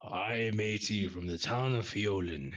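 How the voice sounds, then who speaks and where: A man voicing a gruff, hard-drinking old pirate captain who talks like a sea dog. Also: fairly low pitch, unhurried, fairly bright tone, muffled recording. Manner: growly sea-dog talk, says aye matey.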